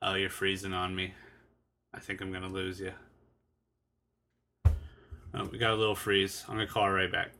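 A man hosting a podcast, chatting relaxed and casually with a guest over a video call. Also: deep voice, moderate pace, long pauses, a little hiss or hum. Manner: relaxed, laid-back, uses "like" and "you know" often. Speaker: podcast host. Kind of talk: casual interview chat.

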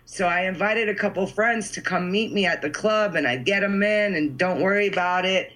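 A man's voice: sits high, moderate pace, pushed and bright, poor audio. A man from New York telling a story in casual chat, laid-back and rambling. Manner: laid-back, rambling, lots of "you know".

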